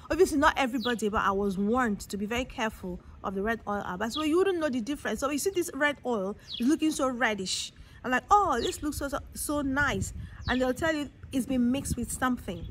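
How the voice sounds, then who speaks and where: A woman chatting casually to camera, giving shopping tips with many pauses, ums and restarts. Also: medium pitch, a bit bright, a little hiss or hum.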